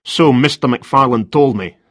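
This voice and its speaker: A man's voice: mid-range voice, a little slow, fairly bright tone, no room sound, studio quality, natural voice. A man voicing a terse, coolly formal male detective inspector in an audiobook. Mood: probing.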